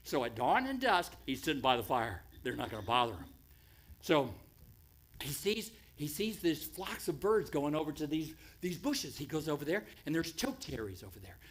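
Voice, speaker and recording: A man preaching in a church, telling a story with dramatic swings between loud cries and hushed lines, with an American accent. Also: fairly high pitch, big pitch swings, normal speed, breathy edge. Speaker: pastor. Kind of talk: sermon storytelling. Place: church sanctuary.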